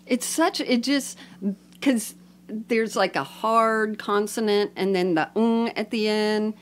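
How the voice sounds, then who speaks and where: A woman's voice: mid-range voice, steady tone, takes it slowly. A woman co-hosting a podcast, chatting casually in a playful, jokey way and laughing often. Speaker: podcast co-host. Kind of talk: casual chat.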